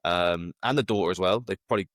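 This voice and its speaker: Deep-voiced man, rambling chat. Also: fast, fairly bright tone, no echo, clean studio sound. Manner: rambling, hesitant with many fillers and restarts. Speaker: podcast co-host. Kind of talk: casual chat.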